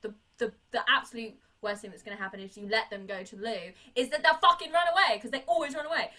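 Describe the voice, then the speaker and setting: A young woman co-hosting a casual film review podcast, recapping scenes with swearing and acting out characters in shouted voices. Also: fast talker. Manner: animated, acts out scenes in high shouted voices, swears freely. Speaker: podcast co-host.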